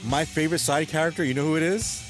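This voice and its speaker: Speaking fast over music, a man with a fairly high voice live streams late at night, reading chat and rambling to his viewers while frequently chuckling as he repeats jokes.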